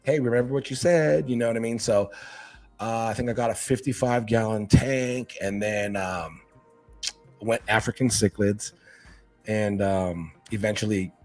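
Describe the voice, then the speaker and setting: A middle-aged man from Hawaii telling casual stories about his life, animated and acting out what his family said. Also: fairly low pitch, a little slow, faint music behind. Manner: animated, acts out family quotes. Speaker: podcast guest. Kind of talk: casual storytelling chat.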